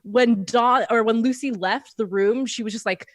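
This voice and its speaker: A woman playing a tabletop game, talking in an excitable, giggly way. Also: fairly high pitch, normal speed, no echo, clean studio sound. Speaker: player.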